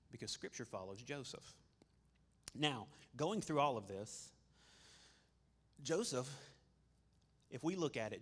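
A man giving a sermon in a relaxed, conversational way, voicing characters in quick asides. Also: mid-range voice. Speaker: preacher.

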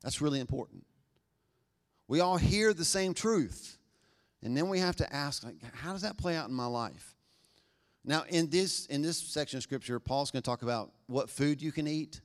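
A middle-aged man preaching a conversational sermon, joking and acting out quotes in lively voices. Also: fairly high pitch, moderate pace. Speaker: pastor.

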